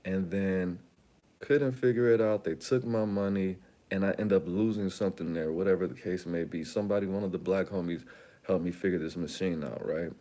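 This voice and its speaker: A man's voice: low-pitched, fairly even intonation, brisk, dark tone. A man hosting his own channel, telling a long story in a rambling, slangy, casual way with lots of asides. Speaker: channel host.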